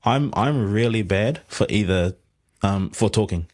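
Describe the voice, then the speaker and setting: A man's voice: lowish voice, unhurried, darkish tone. A man with a New Zealand accent hosting a podcast, self-deprecating and laughing often. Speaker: podcast host. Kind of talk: casual podcast chat.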